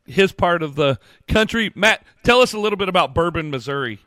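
A man's voice: a little high, expressive, a little fast, pushed and bright, no room sound. A man hosting a podcast, chatting casually and announcing upcoming meetups. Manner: friendly, chatty, announces events. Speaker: podcast host. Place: home studio.

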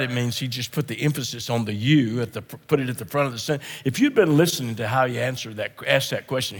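Emphatic husky-voiced male preacher. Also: medium pitch, long reverb tail. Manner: emphatic, repeats phrases, swings from loud to hushed; clears throat often. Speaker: guest preacher. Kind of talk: sermon.

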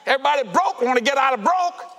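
A man preaching a fervent sermon to a congregation, shouting and laughing as he goes. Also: extremely high pitch, lively intonation, fast talker, creaky. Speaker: pastor. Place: church sanctuary. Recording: reverberant church hall.

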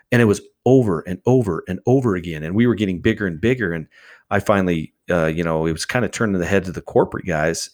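Animated man telling a story. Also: low-pitched. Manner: animated storyteller acting out quoted exchanges. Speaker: charity founder, guest. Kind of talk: casual storytelling interview.

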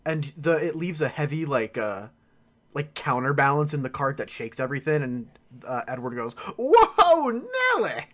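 A man's voice: medium pitch, fairly bright tone. A man narrating as game master of a tabletop game, casual and full of fillers. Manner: casual and filler-heavy, lots of "uh" and "like", quick to laugh.

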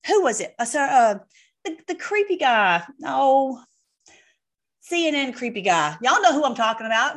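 A woman hosting her own online video, talking casually to viewers in a rambling, excitable way and laughing often. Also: fairly high pitch. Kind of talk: casual monologue to camera.

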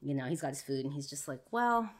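Her extremely low, warm voice comes out flat and rapid-fire as this podcast host lays out a personal story with candor. She curses often, leans on fillers, and gets worked up recalling arguments.

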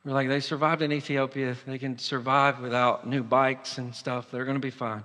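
A man preaching a sermon, moving between impassioned exhortation and quieter personal storytelling. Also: medium pitch, level tone, normal speed, big-room sound. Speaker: pastor.

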